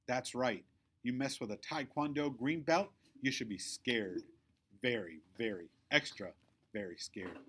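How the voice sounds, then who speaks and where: A man's voice: mid-range voice, measured pace, fairly bright tone, husky. A man reading aloud, voicing a spunky, earnest third-grade girl who stammers when nervous. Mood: defiant.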